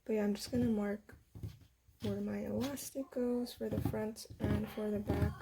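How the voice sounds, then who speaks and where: A young woman casually walking viewers through a sewing project at home, chatty and quick to laugh at herself. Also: mid-range voice, fairly even intonation, creaky, noisy background. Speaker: sewing tutorial host. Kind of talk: casual step-by-step sewing demo.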